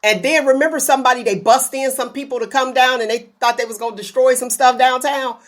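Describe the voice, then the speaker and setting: A woman's voice: sits high, quick pace. A woman from Youngstown, Ohio, hosting a casual chat, telling stories animatedly and acting out voices. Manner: animated storytelling, acting out voices, laughing often. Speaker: podcast host.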